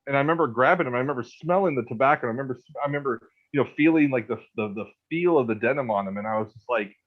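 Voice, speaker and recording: A man's voice: medium pitch, rapid-fire, phone-quality sound. A man in his thirties telling a personal ghost story in a loose, rambling way, full of restarts and "like". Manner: rambling, repeats words and restarts, says "like" a lot. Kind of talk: casual storytelling.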